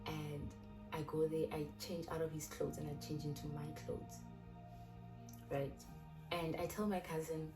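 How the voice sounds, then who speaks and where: A young South African woman telling a personal story in a chatty, animated way, often restarting her sentences. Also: low-pitched, unhurried, pauses often. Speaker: YouTuber. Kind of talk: casual storytelling. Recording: distant mic with loud background music.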